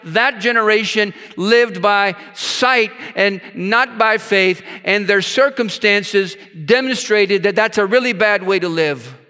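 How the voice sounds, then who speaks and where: A man's voice: high-pitched, slow pace, sharp tone, smooth. A man preaching a sermon, reading scripture aloud and stopping to stress words with his own asides. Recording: long hall reverb.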